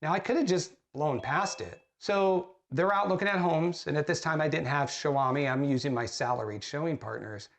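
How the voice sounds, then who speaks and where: A man's voice: fairly high pitch, vocal fry. A man, a real estate agent, telling an earnest story while coaching other agents on a training call, often restarting his sentences.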